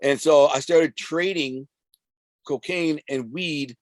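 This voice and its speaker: A man of around fifty from Detroit, telling rough street stories as a podcast guest in a streetwise, profane, rambling way. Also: fairly high pitch, takes it slowly, no echo. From Detroit, USA. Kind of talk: casual storytelling interview.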